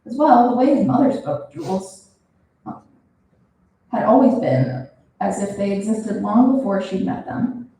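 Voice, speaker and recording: A young woman reading her own fiction aloud at a reading event, expressive and animated. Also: mid-range voice, unhurried, pauses often. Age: young adult. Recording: roomy, from a distance.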